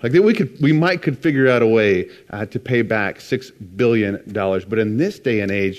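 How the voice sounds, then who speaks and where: A man's voice: medium pitch, a little mellow. A man preaching a conversational sermon, retelling scripture with casual asides. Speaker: pastor.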